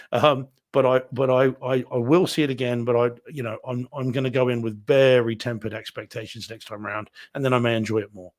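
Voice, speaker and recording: A man's voice: medium pitch, fairly even intonation, brisk. A man, co-hosting a live home theater show and giving a candid, rambling film opinion with many restarts. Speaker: podcast co-host reviewing movies. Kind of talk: casual live-stream chat.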